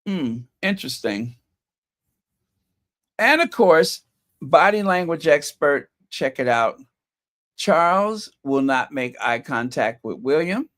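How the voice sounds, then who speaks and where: A man's voice: fairly high pitch, expressive, takes it slowly, long pauses, fairly bright tone. A man hosting a casual commentary vlog, reading headlines aloud with sarcastic asides and chuckles, his voice a bit scratchy. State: slightly scratchy voice. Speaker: channel host.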